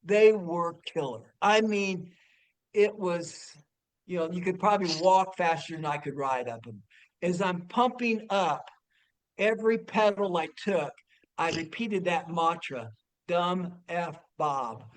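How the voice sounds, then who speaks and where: A man telling a personal story among family and friends, animated and laughing, with stumbling restarts and bursts of shouting. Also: sits high, measured pace. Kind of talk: casual storytelling.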